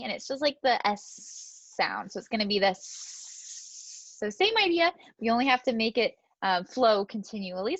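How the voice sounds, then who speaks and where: Higher-voiced woman as a gentle, encouraging speech clinician, over dry, dull video-call audio. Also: dry recording. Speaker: student speech-language clinician. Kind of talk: clinical exam instructions.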